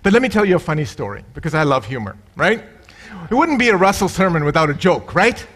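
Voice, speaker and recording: A middle-aged male pastor preaching a sermon, animated, mixing jokes with scripture and acting out quoted voices. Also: quick pace. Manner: animated, acts out quoted voices with loud high bursts.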